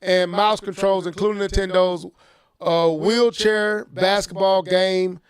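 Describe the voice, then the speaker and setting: A high-pitched man hosts a casual gaming podcast. He reads news aloud, then bursts into excited, shouting reactions. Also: takes it slowly, crowd noise. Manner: animated, rises to shouting when worked up. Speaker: podcast host.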